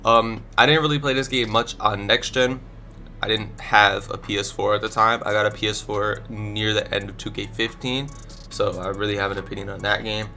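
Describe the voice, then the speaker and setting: A man's voice: fairly low pitch, steady tone, normal speed, pushed and bright, soft background music. Stuffy-nosed young man ranking games. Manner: rambling, blunt opinions, many fillers. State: stuffy from allergies. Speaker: gaming YouTuber. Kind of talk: casual commentary ranking video games. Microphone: desk microphone.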